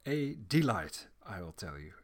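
Lively man chatting about games. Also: sits low, moderate pace, a crowd in the background. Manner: animated, laughs often, many restarts. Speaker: podcast co-host. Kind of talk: casual chat about video games.

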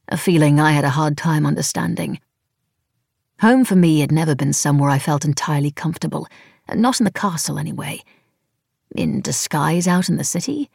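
A woman narrating a novel in the first person, with wry, even storytelling. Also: low-pitched, creaky, slightly rough, no room sound, studio quality. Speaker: audiobook narrator.

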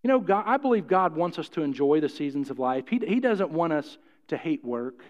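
Folksy high-voiced preacher in an echoing hall. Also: male voice, big pitch swings, brisk. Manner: folksy, jokey, repeats himself, asks the congregation questions. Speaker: pastor. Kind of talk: sermon. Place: church hall. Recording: muffled, with long hall reverb.

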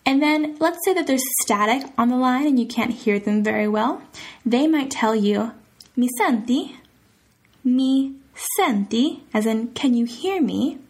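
A woman hosting a podcast language lesson, repeating foreign phrases slowly and carefully with small laughs. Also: on the high side, animated. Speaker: language teacher, podcast host.

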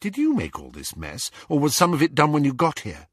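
A man's voice: on the high side, wildly swooping pitch, fairly quick, breathy edge, no room sound, clean studio sound, pitched above the performer's own voice, full character voice. A man voicing an anxious, bossy teenage witch girl who talks in a breathless, urgent way. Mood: probing.

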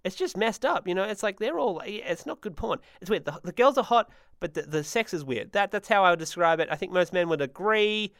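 Young man, solo comedy podcast host, rambling, self-deprecating, animated pitch, dry mic. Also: brisk, few pauses, no echo. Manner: rambling, self-mocking, with sudden silly sung bits.

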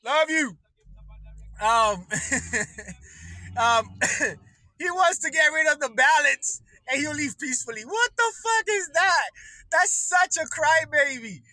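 A man's voice: extremely high pitch, slow pace, pauses often, dry recording, rough recording. A man hosting his own livestream, ranting with heavy swearing and frequent laughter. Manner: swearing, laughing between lines, excitable. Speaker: livestream host. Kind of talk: profane political rant.

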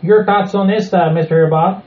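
Man, high voice, podcast host, announcer-style intros, roomy echo, lo-fi. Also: steady tone, moderate pace, darkish tone. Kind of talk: casual wrestling news chat.

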